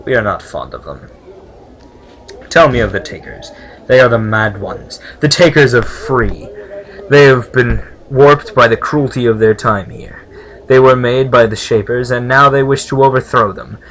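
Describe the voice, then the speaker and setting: A man reading the lines of a proud, wary male village leader from a game in a measured, formal way. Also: mid-range voice, a bit bright, natural voice.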